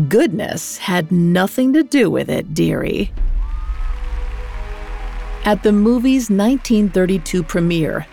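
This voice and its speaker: A woman reading a scripted historical story, measured, with dramatic pauses. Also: mid-range voice, a little mellow, dry recording. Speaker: narrator. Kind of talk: scripted documentary narration.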